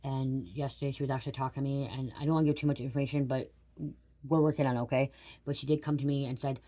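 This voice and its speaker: A woman's voice: rumbling low, steady tone, quick pace, dark tone. A middle-aged woman giving a casual spiritual reading to camera. She rambles, swears bluntly and keeps checking in with "okay?". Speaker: tarot reader.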